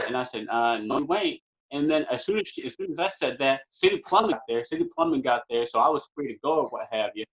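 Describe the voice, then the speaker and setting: A young man from California, a podcast guest, telling a long funny story in a casual, animated way, full of fillers like "man" and "or what have you". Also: mid-range voice, fast talker, few pauses. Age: young adult. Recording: dull lo-fi podcast audio.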